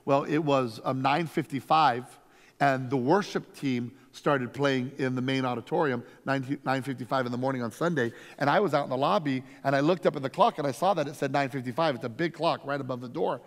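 A man, a lead pastor, teaching a conference workshop through energetic, emphatic stories. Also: medium pitch, a little fast. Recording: long reverb from a hall.

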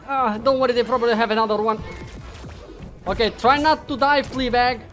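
A man commentating his own gameplay who swears often, taunts his opponents and bursts into yelling. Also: extremely high pitch, fairly even intonation, a little fast, faint music behind. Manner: bursts into loud yelling when winning or losing. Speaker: gaming YouTuber.

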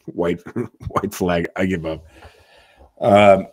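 A man with a very low voice hosts a casual podcast, talking in long rambling stretches full of swearing and restarted words. The sound is dry and close to the mic. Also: very slow, darkish tone, husky, no room sound. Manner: rambling, profane, repeats words when starting. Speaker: podcast host. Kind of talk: casual chat.

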